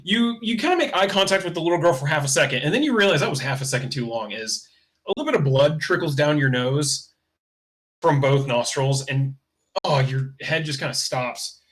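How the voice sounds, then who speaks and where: A man's voice: fairly high pitch, animated, a little fast, a bit bright. Casual male game master narrating. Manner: casual, loose narration with fillers like "kinda" and "uh".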